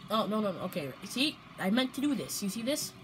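A young woman commentating her own gameplay, playful and prone to loud outbursts and strings of repeated protests. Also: medium pitch, very animated, fairly quick, background noise. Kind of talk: excited gaming commentary.

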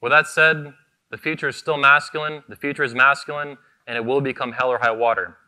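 The founder of the convention speaks briskly in a bright, forceful mid-range voice with a steady tone. His fiery keynote, delivered on stage into a microphone, is combative and profane, hammering short phrases over and over.

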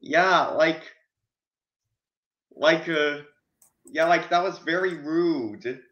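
A young man chatting casually on a stream, sounding tired and halting, with many fillers. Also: fairly high pitch, fairly bright tone. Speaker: stream co-host. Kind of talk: casual chat. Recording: lo-fi, echoey room.

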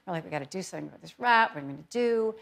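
Woman telling a lively story. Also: lowish voice, rapid-fire, vocal fry. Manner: lively storyteller, acts out voices. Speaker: talk show guest. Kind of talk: animated anecdote telling. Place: TV studio.

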